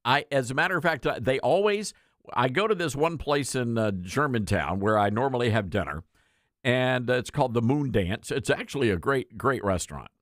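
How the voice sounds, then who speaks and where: Chatty, lively-voiced male radio host. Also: medium pitch, no echo, clean studio sound. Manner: rambling, chatty, halting with many fillers. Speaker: radio talk show host. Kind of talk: casual radio talk.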